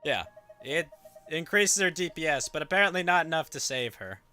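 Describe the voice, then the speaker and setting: A man's voice: on the high side, expressive, normal speed, pushed and bright, faint music behind. A man streaming a game, chatting casually in a wry, rambling way with offhand swearing. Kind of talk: casual gameplay commentary.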